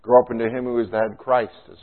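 A male pastor preaching a sermon at a medium pitch. He leans on rhetorical questions and keeps checking in with "right?". The sound is thin and narrow, like a phone line. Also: level tone, fast.

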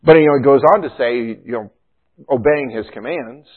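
A man's voice: medium pitch, moderate pace. Man preaching over a tinny line. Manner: conversational preaching, frequent "you know" and "right?". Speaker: pastor. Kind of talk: sermon. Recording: thin phone-like sound.

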